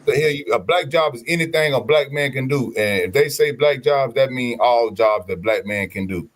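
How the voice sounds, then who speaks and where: A man at a middle pitch tells a story in casual podcast chat. He is animated, slangy and freely profane. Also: moderate pace.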